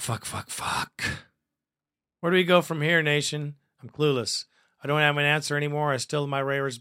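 Loud bright guy ranting on his fan podcast, cussing a lot, dry close mic. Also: on the high side, no echo. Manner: profane, excitable, laughs often. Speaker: podcast host reading fan comments. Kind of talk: casual podcast commentary.

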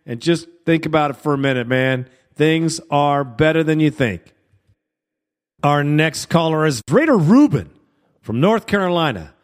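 A man hosts a fan call-in radio show, cheering on callers and urging them to stay positive. His voice sits a bit high, and he talks with an easy, brotherly manner. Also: expressive, a little slow. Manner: upbeat, addresses callers as brother. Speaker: radio host. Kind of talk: sports talk radio.

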